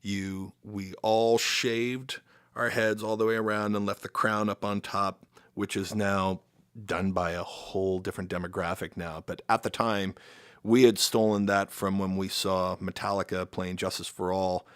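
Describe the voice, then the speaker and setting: Middle-aged american guy telling band stories, low voice, dead dry sound. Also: a little slow, clean tone, dry recording. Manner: animated storyteller, acts out quotes with sudden loud jumps. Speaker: guest, band vocalist. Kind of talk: casual storytelling chat.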